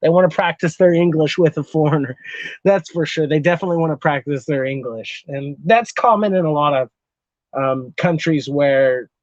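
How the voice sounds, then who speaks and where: A man's voice: a little high, no echo. Man, from Texas, live-stream chat, profane, rambling, laughs a lot, dull lo-fi sound.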